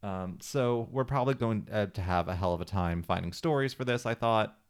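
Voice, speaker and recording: A man co-hosting a podcast in a relaxed, conversational way. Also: lowish voice, a little fast, clear, resonant tone. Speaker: podcast co-host. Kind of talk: casual podcast chat. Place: Pennsylvania.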